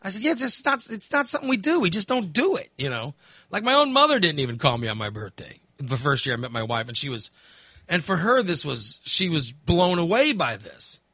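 A man's voice: a little high, sing-song, brisk, sharp tone, breathy edge, dry recording. A man in his fifties, hosting and telling a candid, rambling story in casual chat. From Texas. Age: 50s. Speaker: host.

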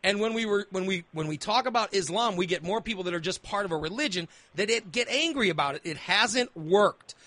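A man's voice: sits high, expressive, a little fast, hardly any pauses, sharp tone, no echo. A man hosting a talk radio show, arguing his point emphatically and repeating phrases as he builds his case. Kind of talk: opinionated talk radio debate.

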